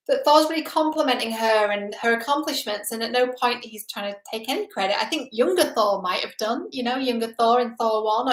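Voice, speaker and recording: A woman's voice: fairly high pitch, echoey room, low-quality recording. A woman hosting a casual film analysis video, chatting with enthusiasm.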